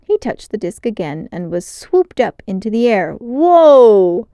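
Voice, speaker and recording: Lady reading a kids book out loud, expressive, close mic, dry sound. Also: medium pitch, moderate pace, no room sound. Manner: clear, expressive narration. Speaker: storyteller. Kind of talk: children's book read-aloud.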